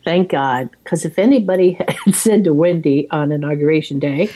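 A woman casually recapping a film from her notes, playful and animated. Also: sits low, moderate pace.

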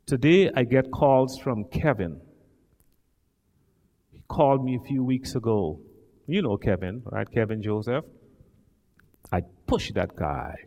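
Animated male preacher in an echoing hall. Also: medium pitch, unhurried, pauses often. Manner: emphatic and dramatic, with sudden loud swells. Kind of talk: sermon. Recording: long hall reverb.

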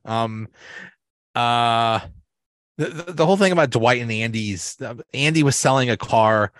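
A man's voice: mid-range voice, measured pace, fairly bright tone, dry recording, studio quality. A man hosting a podcast, recapping TV episodes in a casual, rambling way with lots of fillers and restarts. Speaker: podcast host.

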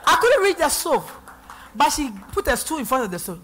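Lively Ghanaian woman pastor preaching. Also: sits high, brisk, a little hiss or hum. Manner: animated preaching, swinging from loud to soft. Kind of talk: sermon. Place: church.

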